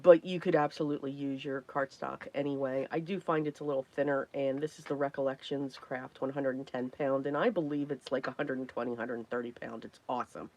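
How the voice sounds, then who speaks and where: A woman hosting a casual crafting livestream, chatty and greeting viewers by name, her voice hoarse and worn from talking, often clearing her throat. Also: extremely low pitch, fairly even intonation, brisk, hardly any pauses, darkish tone. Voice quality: frequent throat clearing and coughs.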